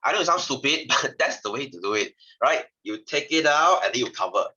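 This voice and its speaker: A Singaporean man tutors science over a video call, his voice very bright and forceful. He jumps up and down in pitch as he chats and teases his students. The audio is dull and lo-fi. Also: expressive, a little fast. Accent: Singaporean English. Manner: chatty, teasing students, sentence-final lah. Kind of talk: online class lesson.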